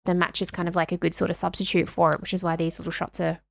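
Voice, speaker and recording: A woman's voice: on the low side, level tone, rapid-fire, gravelly, no room sound. A woman co-hosting a podcast, talking in chatty, filler-heavy casual conversation with a giggly edge. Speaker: podcast co-host.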